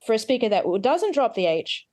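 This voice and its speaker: A woman's voice: fairly high pitch, big pitch swings, a little fast, a little mellow, no echo, studio quality. A woman dialect coach giving an accent lesson, explaining mouth positions patiently and in technical detail.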